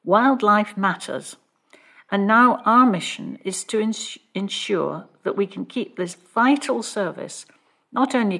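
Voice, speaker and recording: A woman reading local news stories in a measured, even delivery. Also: medium pitch, vocal fry. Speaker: news reader. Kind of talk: read news bulletin.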